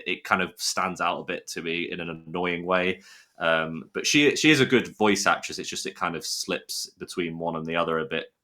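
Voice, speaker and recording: A man's voice: sits low, sharp tone. A man from the United Kingdom with a British accent, chatting enthusiastically as a podcast guest, rambling a little with restarts. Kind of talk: casual podcast chat.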